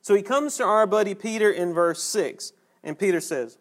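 A man delivers a sermon, his voice sitting a little high. He talks to the congregation conversationally and slows down to stress key phrases. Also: lively intonation. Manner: folksy, conversational preaching with emphatic pauses. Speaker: preacher.

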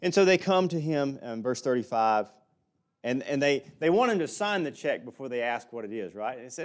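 Male pastor, middle-aged; chatty sermon delivery, wide-ranging pitch. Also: normal speed. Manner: conversational preaching, animated pitch, acts out quotes.

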